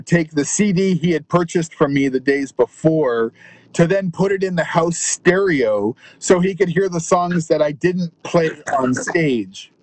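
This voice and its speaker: A man's voice: on the high side, darkish tone, no echo, rough recording. A man, a touring punk musician, telling profane, laughing stories from his car and acting out other people's lines. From Canada. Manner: profane, laughing anecdotes with voiced quotes. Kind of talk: casual storytelling chat.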